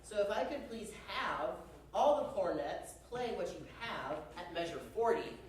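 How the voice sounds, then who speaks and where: A man's voice: high-pitched, expressive, a little slow, a little hiss or hum. Young male band conductor, very echoey. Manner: chatty, joking, uses y'all. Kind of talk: rehearsal instruction. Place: rehearsal room with a band. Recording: very echoey hall from far off.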